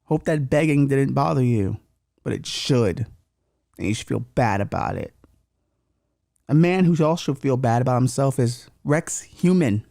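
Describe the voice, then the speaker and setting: A man hosting a comedy podcast, delivering sarcastic, deadpan rants with crude jokes. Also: mid-range voice, moderate pace, gravelly, no room sound, studio quality. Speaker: podcast host. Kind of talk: comedic monologue.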